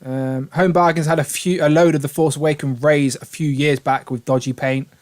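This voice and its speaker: A British man hosts a casual live stream, his voice sitting a little high. He rambles along with eager enthusiasm and reads out viewers' names as he goes. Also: steady tone, normal speed, a little mellow. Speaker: livestream host.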